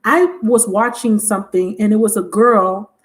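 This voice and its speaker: A woman's voice: mid-range voice, fairly even intonation, moderate pace. A woman giving a casual, chatty tarot reading on a livestream, talking frankly and laughing often. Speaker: tarot reader.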